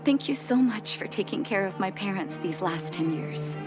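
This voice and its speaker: A woman's voice: medium pitch, expressive, moderate pace, natural voice. Natasha, a woman playing an earnest young doctor. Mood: emotional. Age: young adult. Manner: earnest and heartfelt. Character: caring young female doctor, earnest and warm. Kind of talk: video game voice acting. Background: game soundtrack music.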